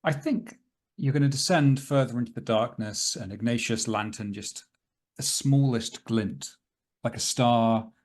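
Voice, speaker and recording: A man running a tabletop game as game master. He narrates scenes slowly and dramatically. His voice sits somewhat low. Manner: slow, dramatic descriptive narration.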